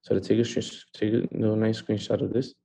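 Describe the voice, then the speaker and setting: Gravelly, flat-toned man hosting a live call. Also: lowish voice, brisk. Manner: upbeat, repeats words for emphasis. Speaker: host leading an online training call. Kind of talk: live online training talk. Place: a home in California.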